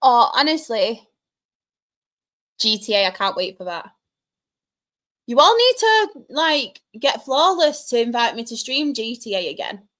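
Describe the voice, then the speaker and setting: A woman's voice: on the high side, sing-song, a little slow, long pauses, a bit bright. A young woman with a Mancunian accent, chatting casually with her live-stream audience, laughing often and trading banter with chat. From Manchester, England. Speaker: streamer answering chat questions.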